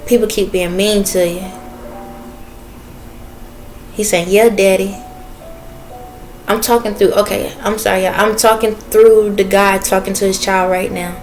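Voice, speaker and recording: A woman's voice: medium pitch, fairly even intonation, normal speed, long pauses, soft background music. A woman talking in a casual spiritual vlog, rambling and chatty, stopping now and then to listen before speaking to her viewers. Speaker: spiritual reader.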